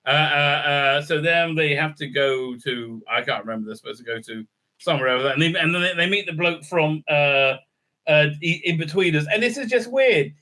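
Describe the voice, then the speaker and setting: A man's voice: a little high, moderate pace, pushed and bright. A man recapping and reviewing a TV episode in a rambling, sarcastic way, full of fillers and silly acted-out voices.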